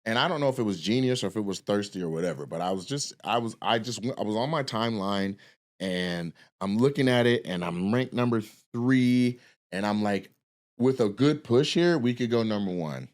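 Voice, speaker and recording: A man's voice: lowish voice, a little fast. A man in his forties, a comedian and podcast host, telling a long, loose and profane story in a casual way. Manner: profane, loose and rambling, acts out the people he quotes.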